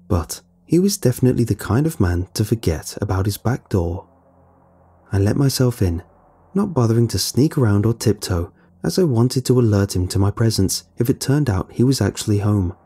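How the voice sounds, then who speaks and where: Brief: man, horror narration, dark husky low voice, tense delivery, faint music under. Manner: tense, dramatic pauses. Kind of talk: scripted horror story narration.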